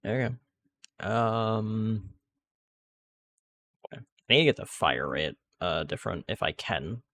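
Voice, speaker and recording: A man's voice: fairly low pitch, animated, takes it slowly, fairly bright tone, no echo. A man giving casual gameplay commentary, rambling and restarting sentences with many fillers. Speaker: gaming video creator.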